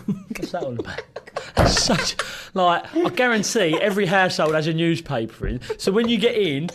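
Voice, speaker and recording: A man's voice: high-pitched, normal speed, very noisy. A man, a podcast co-host, telling stories in casual chat, laughing and acting out quotes. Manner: animated, laughing, acts out quotes. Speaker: podcast co-host and former footballer.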